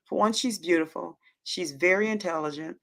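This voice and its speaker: A woman hosting a casual livestream chat, excitable and laughing often as she reads out viewer comments. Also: lowish voice, normal speed. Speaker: livestream host.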